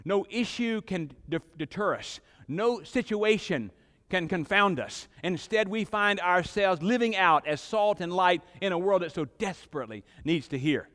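A middle-aged man preaching a sermon as pastor, emphatic, with dramatic pauses and swelling intensity, in a church sanctuary. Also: sits high, lively intonation, fairly bright tone. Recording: long hall reverb.

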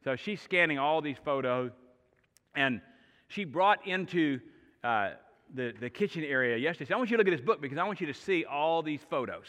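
A middle-aged man preaching a sermon as pastor, telling stories in an animated way with shifting pace and loudness. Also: fairly high pitch, fairly quick. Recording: long reverb of a large hall.

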